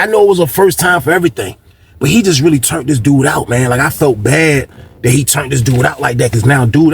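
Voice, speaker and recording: A man with a medium-pitched, somewhat dark voice tells a story in slangy, casual speech. He acts out other people's lines, shifting his voice for each one.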